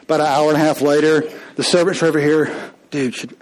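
A preacher man with a high voice tells the story with playful humor. He slips into the characters as he goes and speaks right to the congregation. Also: little pitch movement, fast talker. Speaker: pastor. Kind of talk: comedic sermon storytelling.

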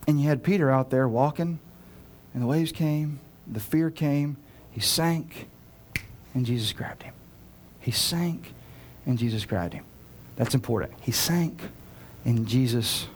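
A man preaching a sermon as a pastor, earnest and direct, swinging between loud urgent pleading and hushed, slow emphasis. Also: mid-range voice, expressive, breathy edge. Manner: earnest, direct address to listeners.

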